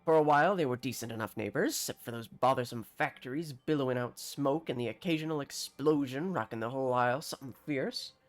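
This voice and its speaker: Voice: medium pitch, big pitch swings, dry recording, lightly acted. A streamer putting on a jumpy farmer in a bad accent. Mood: folksy. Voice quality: deliberately bad put-on accent. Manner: folksy, wary, grumbling. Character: jumpy, suspicious male farmer with a rusty sword. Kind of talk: reading game dialogue aloud on a live stream.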